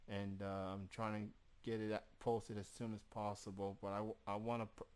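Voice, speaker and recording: A man's voice: fairly low pitch, flat delivery, fairly quick, clear, resonant tone. Hesitant Southern man hosting an interview. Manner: hesitant, many fillers and restarts. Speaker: interview host. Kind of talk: casual interview.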